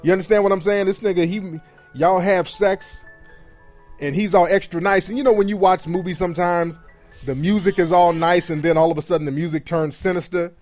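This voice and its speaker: Male radio host, blunt and profane, slightly high voice, faint music underneath. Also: fairly even intonation, a little fast, a little mellow. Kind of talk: advice monologue.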